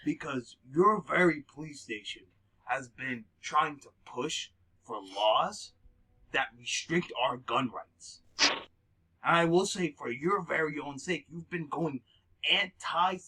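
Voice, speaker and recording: A man at a home mic narrates a tabletop role-playing game as its game master. His voice is bright and his pitch sits in the middle for a man. He talks with a lot of ums and restarts, then speeds up when he speaks for the characters. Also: husky, poor audio. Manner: hesitant, filler-heavy narration with quick voiced NPC lines.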